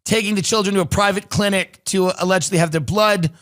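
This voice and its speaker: A man's voice: high-pitched, fairly even intonation, fast talker, fairly bright tone. A man hosting a podcast, reading news articles aloud and riffing on them with sardonic comedic commentary. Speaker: podcast host.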